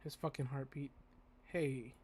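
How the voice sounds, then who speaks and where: A man streaming a visual novel, reading its text aloud haltingly and swearing often in casual commentary. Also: medium pitch, steady tone, slight background noise. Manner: profane, stumbling through read text. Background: faint game music.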